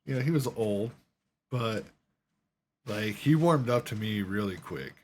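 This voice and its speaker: A man's voice: on the low side, animated, unhurried, darkish tone, slight background noise. A man telling a long story while playing a game, rambling along with lots of swearing and quoted voices. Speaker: gaming streamer.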